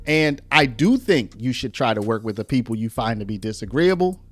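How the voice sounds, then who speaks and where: A man hosts a casual commentary video, talking at a medium pitch and a fairly quick clip over soft background music. He's lively and conversational, says "y'all," and acts out quoted lines in a raised voice.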